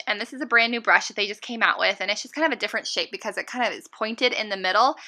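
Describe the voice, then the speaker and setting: A woman's voice: mid-range voice, pushed and bright. A woman beauty vlogger giving a casual, upbeat makeup tutorial, chatty and full of fillers.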